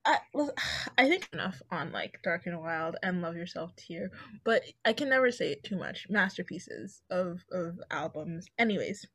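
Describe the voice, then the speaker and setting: A woman's voice: lowish voice, lively intonation, measured pace, a bit bright, husky, no echo. Rambling young woman in a dry room. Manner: rambling, searching for words. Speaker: podcast co-host. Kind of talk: casual chat.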